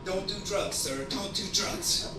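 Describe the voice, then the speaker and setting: A woman in her forties hosting a comedy show, loud and profane, yelling jokes at the crowd. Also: medium pitch, measured pace, loud music behind the voice. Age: 40s. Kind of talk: stand-up hosting. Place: comedy club stage. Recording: echoey club, far from the mic, loud crowd.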